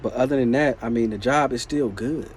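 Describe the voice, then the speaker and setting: A man with a warm, mellow voice recounts a story in a loose, animated, slangy manner. He talks the way a vlogger talks to his camera, with faint noise in the background. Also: mid-range voice, a little fast. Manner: animated, slangy retelling of a work conflict. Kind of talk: casual storytelling.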